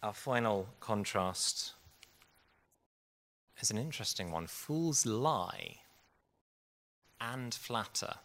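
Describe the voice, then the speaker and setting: A man's voice: lowish voice, animated, slow pace, pauses often, fairly bright tone. A man preaching a sermon in an earnest, conversational way. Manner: conversational, earnest, acts out quotes. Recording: long hall reverb.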